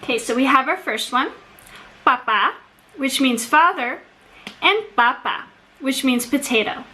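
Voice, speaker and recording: A woman tutoring a beginner Spanish lesson, speaking slowly and clearly with encouraging praise. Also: sits high, animated, sharp tone, a little hiss or hum. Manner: slow, clear, encouraging teacher delivery. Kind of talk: scripted language lesson. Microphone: USB headset.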